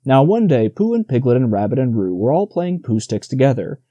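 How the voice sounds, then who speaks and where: A man reading a children's audiobook aloud in an expressive storytelling manner. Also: mid-range voice, brisk, dry recording, lo-fi sound. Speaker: audiobook narrator. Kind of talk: scripted narration.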